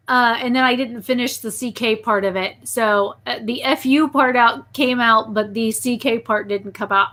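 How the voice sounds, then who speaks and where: A young woman chatting casually on a live stream, reading viewer messages and telling stories with lively outbursts. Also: a little high. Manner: chatty, reads viewer messages, talks to her pet snake in a soft baby voice.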